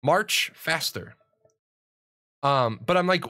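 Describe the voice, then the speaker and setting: A man's voice: fairly high pitch, expressive, normal speed, bright, forceful tone. A middle-aged man chatting casually on his livestream, rambling and profane, restarting his sentences often. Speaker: streamer and gaming network owner.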